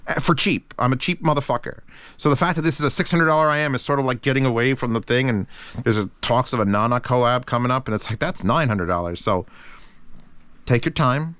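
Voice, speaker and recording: A man hosting a casual review channel, talking in an excitable, rambling way with lots of swearing. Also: mid-range voice, smooth, no echo.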